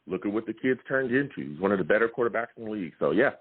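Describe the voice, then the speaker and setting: A man hosts a live sports call-in show. His pitch swings widely and his voice is husky. The sound is tinny, like a phone line. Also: very fast. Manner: animated, laughs often. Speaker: podcast host taking callers.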